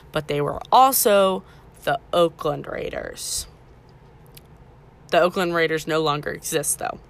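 A woman hosting a casual podcast, talking beginners through the basics in a chatty way and correcting herself as she goes. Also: lowish voice. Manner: chatty, self-correcting, teaching beginners step by step. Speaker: podcast host.

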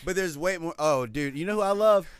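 A man in casual chat with a friend, retelling movie scenes in an animated way and acting out the lines. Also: on the high side, brisk, a crowd in the background.

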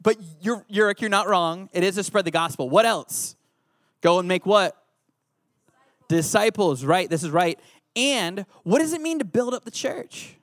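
A man's voice: high-pitched, expressive, moderate pace, a bit bright, no echo, studio quality. A man preaching a youth sermon, playful and teasing the audience. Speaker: youth pastor.

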